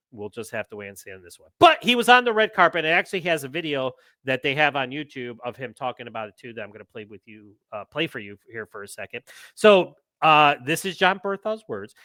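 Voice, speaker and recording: A man hosting a podcast in casual chat, excitable and ranting, with the odd curse. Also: mid-range voice, dry recording. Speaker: podcast host.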